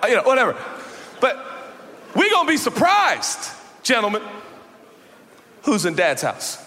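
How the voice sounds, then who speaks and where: A man preaching a sermon, animated, swinging from shouting to quiet with playful asides. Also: extremely high pitch. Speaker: pastor. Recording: long hall reverb, faint background noise.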